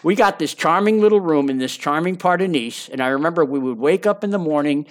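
A man's voice: a little high, lively intonation, brisk. Man narrating a memoir, wry and chatty. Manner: conversational, wry asides, repeats phrases for emphasis.

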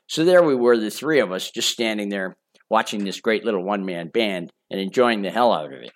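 A man's voice: on the low side, animated, fairly quick. An older man reading his memoir aloud in a casual, boastful storytelling manner with chatty asides. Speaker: memoir narrator.

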